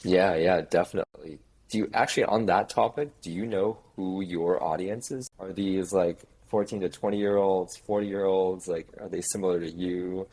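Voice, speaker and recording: Deep mellow male podcast host. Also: moderate pace, hardly any pauses, breathy edge, low-quality recording. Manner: relaxed, rambling questions with fillers. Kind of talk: casual interview questions.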